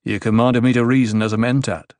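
A man voicing a calm, cryptic male advisor in an audiobook, speaking in a measured, even, reasoning way. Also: mid-range voice, no room sound, natural voice. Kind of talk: audiobook character voice.

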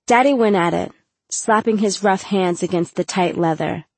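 A woman's voice: mid-range voice, moderate pace, a little mellow, dry recording. Woman narrating an audiobook, dry and close. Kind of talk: first-person audiobook narration.

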